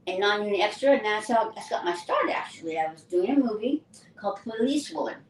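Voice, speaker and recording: An older woman, an actress, recounting her career in a lively, anecdotal interview style. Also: mid-range voice, brisk, slight background noise. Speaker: actress and guest. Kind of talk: casual interview storytelling. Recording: roomy distant mic with faint ambience.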